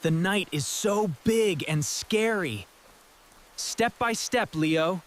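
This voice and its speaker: A man's voice: high-pitched, slow. A man voicing a panicky little fox cub. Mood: nervous. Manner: anxious, exclaiming. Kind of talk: slow storybook reading.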